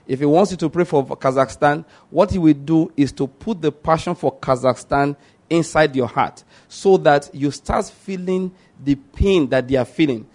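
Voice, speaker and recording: Man, sermon, fairly high voice, teaching tone, repeats key points. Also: normal speed, a little mellow. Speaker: preacher.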